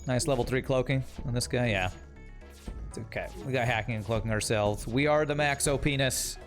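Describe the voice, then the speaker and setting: A young man casually narrating his game while answering chat, dry and teasing. His voice sits at an ordinary middle pitch, and faint game music plays under him. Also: moderate pace. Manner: wry, teasing, talks to chat while playing. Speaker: streamer.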